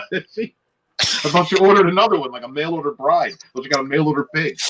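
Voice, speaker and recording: A man's voice: on the high side, brisk, a crowd in the background, low-quality recording. A man in his forties, a guest on a casual live stream, rambling and laughing with many fillers and restarts. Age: 40s.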